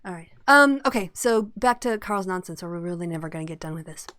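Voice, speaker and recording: A woman's voice: lowish voice, lively intonation, fast talker, a bit bright. A woman co-hosting a casual political chat show, talkative, laughing often and drifting into tangents. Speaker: podcast co-host.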